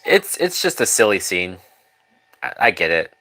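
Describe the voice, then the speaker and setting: A man's voice: low-pitched, big pitch swings, normal speed, pushed and bright. A man casually commenting on a film during a live stream, loose and profane, now and then reading out viewer comments. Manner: loose, profane, chatty, reads out chat. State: drunk.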